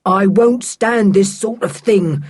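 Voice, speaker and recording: A man's voice: high-pitched, slow pace, breathy edge, full character voice. A woman voicing a sullen manservant who rages and complains about being bitten. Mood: outraged. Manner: raging, complaining.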